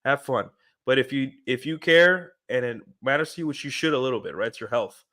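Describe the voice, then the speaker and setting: Brief: young male streamer, mid-pitched, loose rambling monologue with lots of fillers, addressing viewers. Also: expressive, fairly quick, pushed and bright. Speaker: streamer giving dating advice. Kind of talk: casual livestream monologue.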